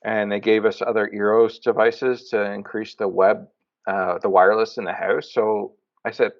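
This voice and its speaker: A man co-hosting a podcast, chatting casually and telling rambling, excitable stories. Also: lowish voice, normal speed. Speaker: podcast co-host. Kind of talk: casual chat. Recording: dull lo-fi sound.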